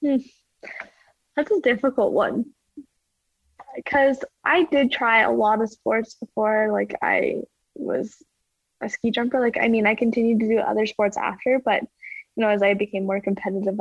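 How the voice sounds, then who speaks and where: A woman's voice: mid-range voice, no room sound, highs cut off. A young woman athlete telling stories in a casual interview, rambling with lots of "like" and laughing as she goes. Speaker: ski jumper guest.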